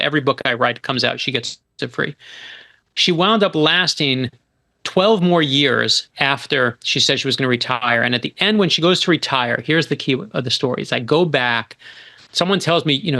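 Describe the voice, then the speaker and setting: A middle-aged man from New York, a guest author telling a story on a podcast in an animated, emphatic way, often restarting his sentences. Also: medium pitch, vocal fry.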